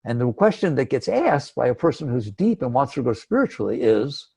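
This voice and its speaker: A man's voice: medium pitch, big pitch swings, a little fast, gravelly, few pauses, warm tone, slightly rough. A man giving a conversational spiritual talk, emphatic and acting out inner thoughts. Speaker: spiritual teacher.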